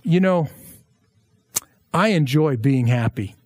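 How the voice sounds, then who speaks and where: Male pastor, higher-pitched, dry close sound, relaxed preaching with humorous asides. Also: slow pace, no room sound. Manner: conversational, jokey asides, lively emphasis. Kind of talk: verse-by-verse sermon.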